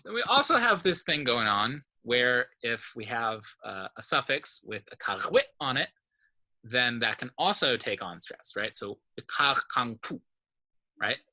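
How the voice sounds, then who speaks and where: A man's voice: medium pitch, sing-song, moderate pace, sharp tone. A man teaching a language class, explaining step by step and often checking in with his students. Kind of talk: informal online class lesson.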